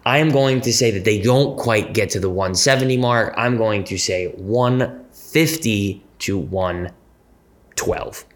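A man co-hosting a fantasy football podcast, making predictions in a relaxed, joking way with hesitant fillers. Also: on the low side, measured pace. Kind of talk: casual sports chat.

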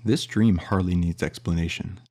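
Deep, dark-voiced male narrator. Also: fairly even intonation, normal speed. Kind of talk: audiobook narration.

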